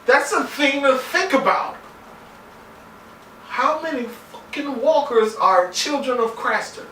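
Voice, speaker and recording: A man giving a casual, profane episode recap, excitable and acting out scenes in voices. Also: very high-pitched, takes it slowly, roomy sound, far from the mic, slight background noise, poor audio. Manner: excitable, swears a lot, acts out scenes in voices. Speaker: TV episode reviewer.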